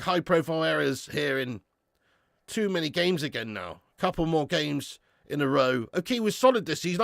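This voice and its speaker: A man hosting a live football watch-along, swearing freely, getting excited and reading out viewer comments. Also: high-pitched, creaky, no room sound, clean studio sound. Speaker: fan channel host.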